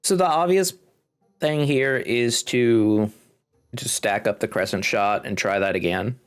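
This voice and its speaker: Another clip has the congested gaming host speaking in a lowish, smooth, unhurried voice. Chuckling and thinking aloud, he offers casual commentary while playing.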